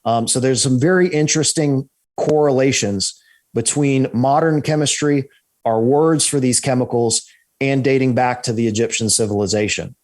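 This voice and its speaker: Man, podcast guest, middle pitch, storytelling, animated, restarts sentences. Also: normal speed. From United States. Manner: animated, repeats "right?" and restarts. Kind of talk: storytelling in an interview.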